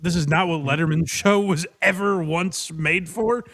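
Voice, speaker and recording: A man co-hosting a comedy podcast, explaining things in a lively, swearing, chatty manner. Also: a little high, normal speed. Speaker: podcast co-host. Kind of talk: casual comedy podcast chat.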